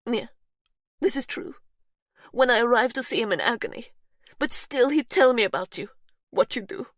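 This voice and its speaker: A woman's voice: a little high, lively intonation, moderate pace, dry recording, studio quality, voice pushed up, lightly acted. A woman voicing a fierce young woman with a strong Polish accent who speaks in broken English, furious and tearful.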